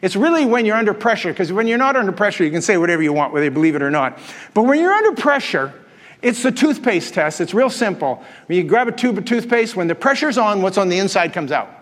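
Brief: male pastor, high voice, chatty sermon, long hall reverb. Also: very animated, fast talker, a bit bright. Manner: conversational, asks the congregation questions.

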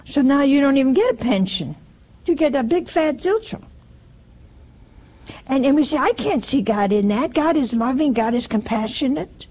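A woman's voice: high-pitched, lively intonation, moderate pace, long pauses, mellow, poor audio. A woman giving a conversational sermon in a homely way, often asking her listeners rhetorical questions. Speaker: preacher.

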